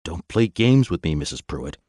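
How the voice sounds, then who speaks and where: A man's voice: low-pitched, very animated, moderate pace, a little mellow, no room sound, studio quality. A man voicing a stiff, threatening male military captain in an audiobook. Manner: stiff, snarling.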